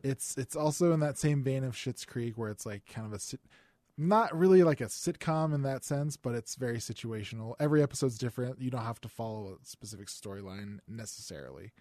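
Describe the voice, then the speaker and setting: A man co-hosting a podcast in a relaxed, enthusiastic casual chat. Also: mid-range voice, brisk, dry recording. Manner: relaxed, enthusiastic, laughs easily. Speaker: podcast co-host.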